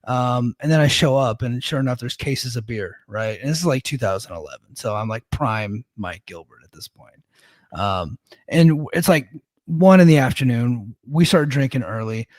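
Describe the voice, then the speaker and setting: A man's voice: medium pitch, expressive, normal speed, no room sound, clean studio sound. A man in his thirties, co-hosting a podcast, tells a rambling, self-deprecating story in casual chat with lots of restarts. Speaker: podcast co-host.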